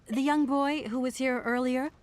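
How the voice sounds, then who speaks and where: A woman's voice: high voice, steady tone, moderate pace, darkish tone, natural voice. An actress voicing a curious young American woman traveler in an adventure game, with a direct, inquisitive manner.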